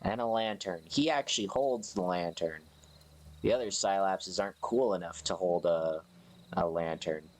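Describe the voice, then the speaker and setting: A man chatting casually on a live stream, sleepy and yawning, rambling slowly in a playful, offhand way. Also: deep voice.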